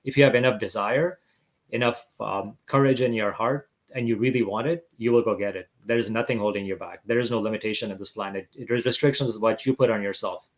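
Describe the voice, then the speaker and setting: A man's voice: lowish voice, fairly quick, poor audio. A middle-aged man talking casually and earnestly as a podcast guest over a video call, often restarting his phrases. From Greater Vancouver area, Canada. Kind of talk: casual interview talk.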